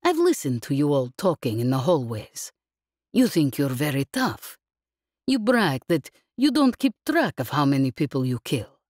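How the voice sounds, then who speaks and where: In an audiobook, a woman narrator voices a cool, dangerous woman held captive, using a husky, low, lively, swooping voice with measured, mocking calm that conveys quiet menace. The studio sound is close and dry, with no room sound.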